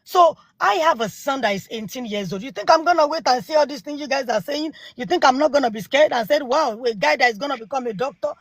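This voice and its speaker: A woman's voice: high-pitched, fast talker, hardly any pauses, no room sound, clean studio sound. A woman in her forties with a non-native English accent, arguing emphatically in a heated live panel debate and repeating rhetorical questions.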